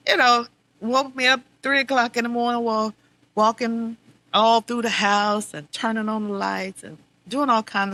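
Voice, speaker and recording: A middle-aged woman hosting a podcast, telling a candid personal story, heartfelt and wry, moving between quiet reflection and exasperated venting. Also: fairly high pitch, no room sound. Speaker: podcast host.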